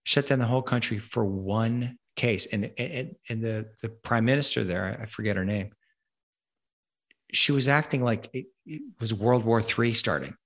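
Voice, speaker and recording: A podcast host rants angrily and emphatically, swearing a lot as he leads the conversation. His mid-range voice is a bit bright and moves at a normal speed.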